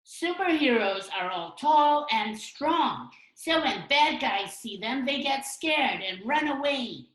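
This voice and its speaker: A man voicing an excited cartoon food character in a high, squeaky, sing-song voice for a storybook reading. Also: slow, few pauses, roomy sound, heavily acted. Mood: teasing.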